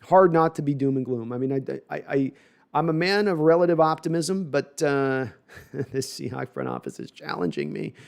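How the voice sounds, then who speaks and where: A man's voice: mid-range voice, clean tone. A man hosting a casual live sports talk stream, reading viewer comments and rambling with self-deprecating asides and frequent restarts.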